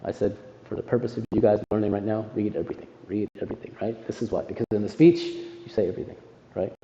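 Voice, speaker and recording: A male teacher walks his class through Arabic phrases, tagging "right?" onto nearly every line. His voice is dark and gravelly. The sound is muffled and echoes through a hall. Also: fairly low pitch, fairly even intonation, fast talker. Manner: explains step by step, checks in with "right?" constantly. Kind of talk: classroom lesson. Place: classroom in a mosque.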